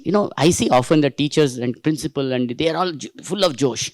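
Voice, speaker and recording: A man with an Indian accent leading a teachers' workshop, talking in an animated, coaxing way and drawing in the participants, into a handheld mic. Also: a little high, moderate pace, hardly any pauses, no room sound, low-quality recording. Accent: Indian English. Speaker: teacher trainer. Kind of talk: workshop lecture. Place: training workshop room.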